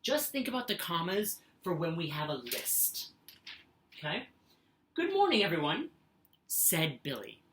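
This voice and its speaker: Patient woman teaching a lively lesson. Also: low-pitched, a little slow, slight background noise. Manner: patient, sing-song, reads sentences aloud with exaggerated expression. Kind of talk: recorded classroom lesson. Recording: echoey room.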